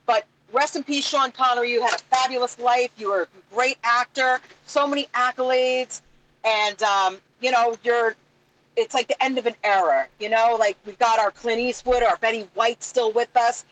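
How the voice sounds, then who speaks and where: A woman co-hosting a casual chat, warm and chatty, laughing easily and searching for words. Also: on the high side, steady tone, normal speed, low-quality recording. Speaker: co-host.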